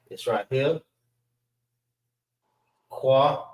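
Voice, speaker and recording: A man teaching an alphabet class, drilling letter sounds slowly and repeating them for his students. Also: mid-range voice, roomy sound. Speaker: class instructor.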